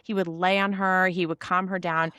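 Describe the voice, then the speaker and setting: A woman hosts a relaxed conversation, sharing a personal story with animated, expressive energy. Her voice sits on the lower side, and the recording is dry and close with no room sound. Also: normal speed, clean tone, no room sound. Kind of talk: casual chat.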